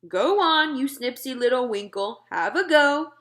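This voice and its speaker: A kind old giant with a muddled way with words, as a woman reads him aloud. He speaks slowly and loudly, stretching every word, in a voice pitched a little high. It is a children's storybook read-aloud. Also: lively intonation. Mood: disgusted, coaxing. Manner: slow, loud, drawn-out delivery. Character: big friendly male giant, old, kind, jumbled speech.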